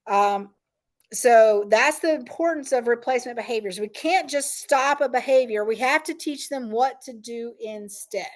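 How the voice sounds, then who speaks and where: Middle-aged woman, parent trainer at a recorded meeting, higher pitch, relaxed conversational delivery with fillers. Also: moderate pace. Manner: conversational, frequent "right?" and "um".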